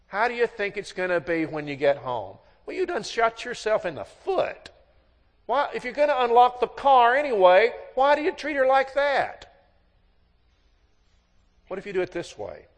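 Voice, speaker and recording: A man's voice: high-pitched, very animated, normal speed, long pauses. A middle-aged man gives a sermon on marriage in a slightly raised voice. He tells homely stories and plays every part in them himself. His words ring with the long reverb of a large hall. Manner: folksy storytelling, acts out both sides of dialogues. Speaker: preacher.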